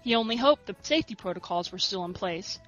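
Woman softly reading a story. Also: medium pitch, quick pace, lo-fi sound, faint music behind. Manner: soft, steady reading. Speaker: reader. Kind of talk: storybook narration.

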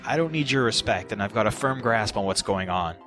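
Narrator doing a sarcastic bitter prisoner guy, low, sneery, music behind. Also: expressive, fairly quick, fairly bright tone. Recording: voice over background music.

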